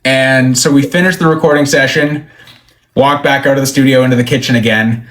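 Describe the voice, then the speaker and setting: Male country musician guest, chatty and animated storyteller, mid-pitched. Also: fairly quick. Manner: animated storyteller, acts out quoted lines. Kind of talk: casual storytelling interview.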